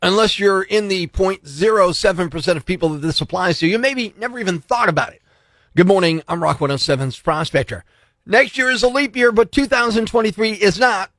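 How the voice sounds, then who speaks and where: A man with a high-sitting voice hosts a morning radio show, speaking fairly quickly as he tells stories, jokes about the news and laughs often. He's an animated storyteller in casual radio talk, recorded on a studio microphone in a radio studio with clean studio sound and no echo.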